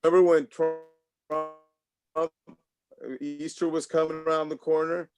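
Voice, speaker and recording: A man's voice: a little high, little pitch movement, a little slow, music in the background. A man from Los Angeles doing a loose, rambling stand-up set over a video call, often laughing at his own jokes. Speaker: stand-up comedian. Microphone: home computer mic on a video call.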